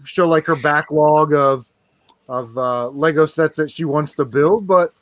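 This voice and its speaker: A man's voice: a little high, unhurried, no echo. A man co-hosting a casual podcast chat, easygoing and loose, padding his talk with fillers. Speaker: podcast co-host.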